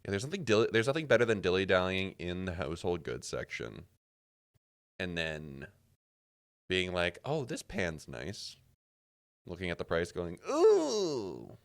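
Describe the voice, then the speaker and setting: A Canadian man streams a puzzle game in a low, slightly bright voice that's clear and resonant, at a moderate pace. His casual commentary rambles along with jokes and easygoing swearing.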